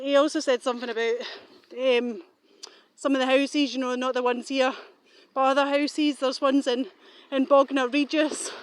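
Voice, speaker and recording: Woman, middle-aged, high voice, rambling and suspicious, filmed while out walking. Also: no echo. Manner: rambling, suspicious, swears casually. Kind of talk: rambling walking vlog monologue. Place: outdoors, walking.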